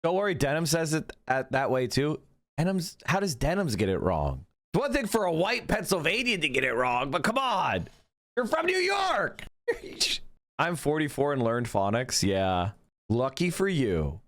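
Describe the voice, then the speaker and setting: A man's voice: fairly high pitch, sing-song, normal speed, a bit bright. A man streaming live, reading out news and reacting with sarcastic commentary, swearing freely. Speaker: political streamer.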